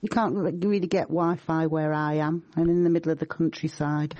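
A woman's voice: sits low, flat delivery, fairly quick, dark tone, dry recording, dull audio. A woman calling in from her rural home as a guest, chatting hesitantly over an online call.

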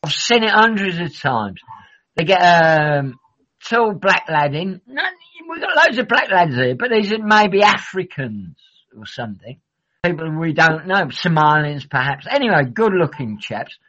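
A man's voice: fairly high pitch, sing-song, a little slow, sharp tone. A man, chatting in a rambling, jokey way and swearing freely. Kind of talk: casual rambling chat. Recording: dull lo-fi audio.

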